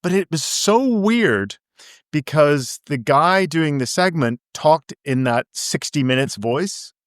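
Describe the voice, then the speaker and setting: A man's voice: on the high side, expressive, slow, no room sound, clean studio sound. Playful, rambling male author guest. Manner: rambling, playful, many restarts. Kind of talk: casual interview chat.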